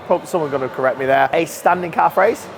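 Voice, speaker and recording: A man's voice: on the high side, fast talker, creaky. A man casually walking viewers through gym machines, chatty and self-deprecating. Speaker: gym staff giving a tour. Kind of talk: casual walkthrough explanation. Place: large indoor gym. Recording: noisy gym background.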